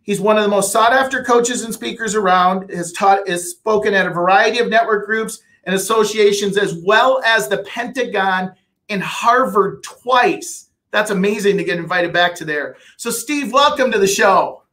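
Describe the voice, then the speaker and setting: A man hosting a podcast interview, eager in his introductions and questions and often halting with uhs and restarts. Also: sits high, bright, forceful tone. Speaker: podcast host.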